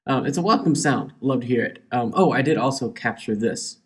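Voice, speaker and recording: A man's voice: medium pitch, animated, brisk. Rambling man chatting casually, many ums. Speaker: podcast host. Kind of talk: casual solo chat.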